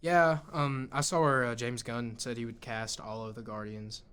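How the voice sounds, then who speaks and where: A young man co-hosting a casual film podcast, jokey and excitable. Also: mid-range voice, moderate pace, clean tone. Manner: jokey, excitable, bursts into silly shouts. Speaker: podcast co-host.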